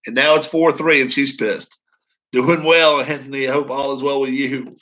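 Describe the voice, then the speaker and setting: A man's voice: mid-range voice, steady tone, normal speed, pushed and bright, poor audio. A man hosting a casual live stream, chatting with viewers and laughing often.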